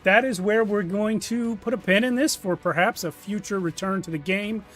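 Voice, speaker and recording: A man's voice: high voice, moderate pace, fairly bright tone, soft background music. A man narrating a tabletop game as game master, with loose, rambling delivery.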